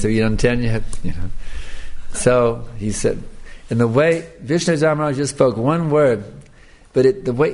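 Older male preacher, mid-pitched, earnest storytelling talk. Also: darkish tone. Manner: earnest, storytelling, repeats himself with restarts. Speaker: devotional speaker. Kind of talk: sermon with personal stories.

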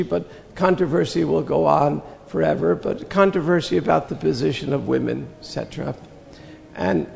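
An older man telling a personal spiritual story in an earnest, reflective way, with slow pauses. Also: a little high, vocal fry, a little mellow, in a large hall. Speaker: spiritual teacher recounting memories.

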